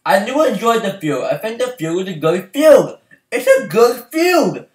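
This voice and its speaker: Young dude fan rant, high pitched, yells then mutters, sits back from the mic. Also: male voice, measured pace, distant mic. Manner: excitable, swings from shouting to mumbling. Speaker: wrestling fan vlogger. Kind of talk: heated ranting. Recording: echoey room, voice off-mic.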